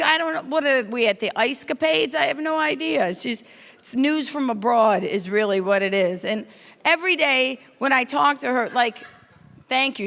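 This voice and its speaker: This is a woman with a high, fairly bright voice, recorded in a hall full of echo. At a hotel conference's corporate welcome night, she plays host with loud, teasing comedy, firing off quick stories and picking on the audience.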